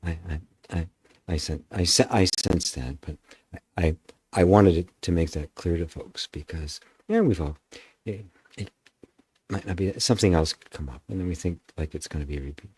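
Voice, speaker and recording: A man's voice: sits low, moderate pace, darkish tone, husky. A man hosting a live open forum as a spiritual teacher, musing through answers to chat comments with frequent restarts and a tag of "right?". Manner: musing, stops and restarts, often adds "right?".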